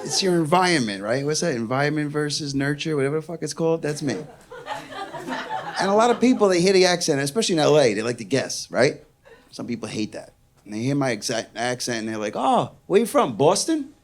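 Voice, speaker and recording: A man's voice: on the high side, fast, crowd noise. A young man with a Queens, New York accent doing a brash, swearing stand-up set in a comedy club. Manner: brash, swearing, exasperated storytelling. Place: comedy club with live audience. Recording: audience laughter in club.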